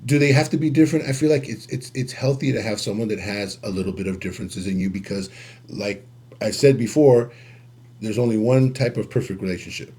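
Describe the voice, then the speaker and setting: A man with a fairly low voice talks loosely about love on a podcast. He circles back to the same points, leaning on "you know" and repeating phrases as he lectures his co-host. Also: brisk, mellow. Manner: repeats himself, many fillers, preachy. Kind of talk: casual relationship talk.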